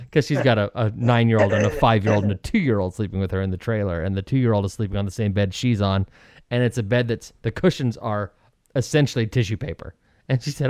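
A man's voice: fairly low pitch, fairly quick, a little mellow, no echo. Tired podcast guy rambling and laughing, dry close sound. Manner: rambling, laughs often, self-mocking. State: sleep-deprived. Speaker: podcast co-host. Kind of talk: casual chat.

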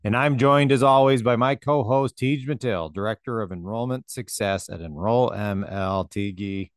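A man's voice: on the low side, moderate pace, few pauses, no echo, studio quality. A man hosting a podcast with an upbeat, playful, bantering manner. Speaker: podcast host. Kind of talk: casual podcast chat. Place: home studio in Louisiana.

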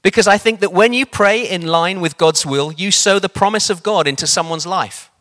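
Guy preaching a sermon, animated, tells stories, pace shifts around. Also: high-pitched, moderate pace. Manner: animated, varies pace for emphasis. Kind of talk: sermon with storytelling.

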